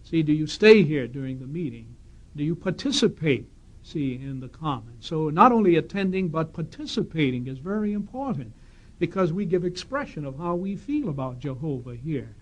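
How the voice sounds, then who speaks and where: A man preaches to a congregation with emphatic, questioning delivery. He reads scripture aloud, and his fairly high voice sits on a dull, lo-fi 1970s tape. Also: very animated, moderate pace. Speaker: congregation speaker. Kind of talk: sermon with audience questions. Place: congregation hall.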